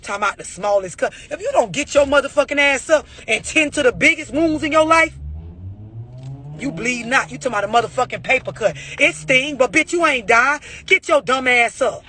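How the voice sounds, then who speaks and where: A man's voice: very high-pitched, expressive, fairly quick, pushed and bright, a little hiss or hum. A man giving a blunt, profane motivational rant about overreacting, full of rhetorical questions. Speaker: motivational speaker.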